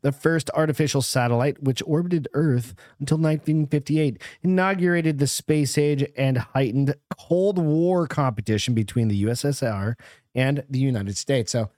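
A man's voice: medium pitch, moderate pace, a little mellow, no echo, clean studio sound. A man co-hosting a podcast, telling stories in a loose, rambling way with plenty of swearing. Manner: loose and profane, rambling storytelling. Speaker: podcast co-host. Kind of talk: casual chat.

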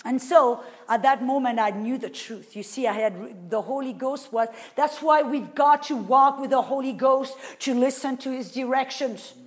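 A woman preacher delivering a sermon, asking the audience rhetorical questions and swinging between loud and very soft. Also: high-pitched, moderate pace, few pauses.

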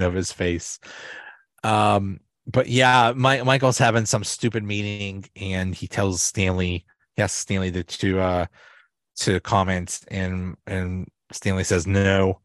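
Low-voiced man rambling through a recap. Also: no room sound, studio quality. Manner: rambling, with many fillers and restarts. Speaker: podcast host. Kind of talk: casual episode recap.

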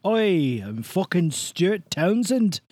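A man voicing a boastful, cursing male Irish film actor with a loud put-on Irish accent, as a comedic podcast bit. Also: high voice, sing-song, slow, no room sound, clean studio sound, pitched above the performer's own voice, heavily acted. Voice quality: loud, swaggering, crude. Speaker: podcast co-host.

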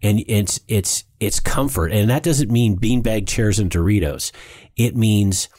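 A man's voice: fairly low pitch, measured pace, a little mellow, no echo, clean studio sound. A man co-hosting a podcast in casual talk, earnest and emphatic, often repeating his words. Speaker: podcast co-host.

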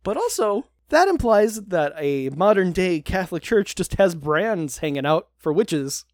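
A man's voice: high-pitched, sing-song, unhurried, no echo. A man co-hosting a podcast, recapping a TV show in casual, sarcastic chat and swearing freely.

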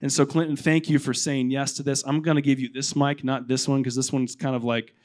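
A man's voice: medium pitch, level tone, a little fast, a little mellow. A male pastor on a church platform introducing a friend to the congregation, with a joking aside. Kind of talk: introducing a guest from the pulpit.

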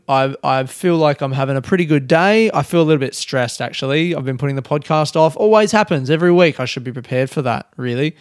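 A man's voice: fairly high pitch, animated, fairly quick, hardly any pauses, no echo, clean studio sound. A man hosting a casual solo podcast from his room, rambling, joking at his own expense and swearing freely. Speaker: podcast host and comedian. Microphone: desk podcast mic.

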